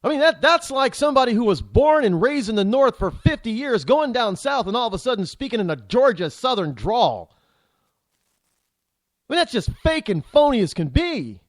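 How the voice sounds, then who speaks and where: A man hosts a talk show and delivers a political commentary monologue. His voice sits high and swings widely as he rambles indignantly, stumbling over restarts and repeated words. The sound is dry, with no room echo. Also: very animated, moderate pace.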